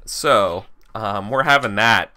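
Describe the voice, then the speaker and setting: A man running a tabletop game as game master, rambling and full of filler words. His voice is bright and smooth. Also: fairly low pitch, slow pace.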